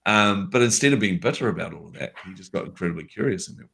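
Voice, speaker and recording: A man's voice: low-pitched, expressive, fast, gravelly, few pauses, a bit bright. A middle-aged man in an unscripted call conversation, telling stories earnestly with frequent fillers and restarts. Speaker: podcast co-host.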